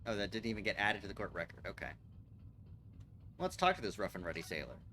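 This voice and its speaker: A man's voice: on the low side, very animated, fast talker, sharp tone, slight background noise. A man streaming a game playthrough, reading the protagonist's lines aloud in a wry, playful way.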